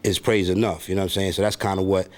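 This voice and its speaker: Laid-back low-voiced New York man. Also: level tone, fast talker. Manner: laid-back, frequent fillers. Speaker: music producer, guest. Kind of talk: casual interview talk.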